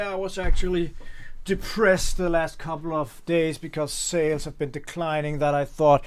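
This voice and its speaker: A man's voice: a little high, normal speed. A man who runs a shop, chatting casually on a livestream, rambling and thinking aloud while reading the chat. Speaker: store owner livestreaming.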